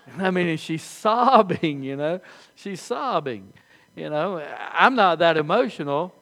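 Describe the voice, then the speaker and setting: An older man preaching a sermon as pastor, telling folksy stories with animated, halting restarts. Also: a little high.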